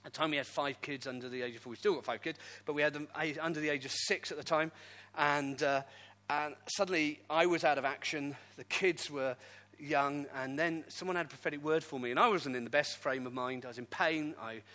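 A middle-aged man, a pastor, telling his story in a sermon with lively, self-deprecating humor. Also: a little high, brisk. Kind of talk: testimony sermon.

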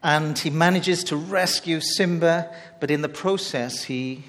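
A man preaching a sermon in a conversational, halting way, often restarting his phrases as he talks to the congregation. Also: a little high, a bit bright. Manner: conversational, halting with many repeated starts. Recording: long reverb from a large hall.

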